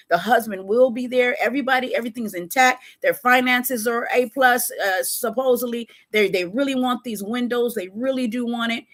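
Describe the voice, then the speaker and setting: A woman talking casually on a live stream, animated and conversational, speaking straight to her viewers with a Californian American accent. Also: fairly high pitch, moderate pace, few pauses. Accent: Californian American English. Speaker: webcam model giving advice on a live stream.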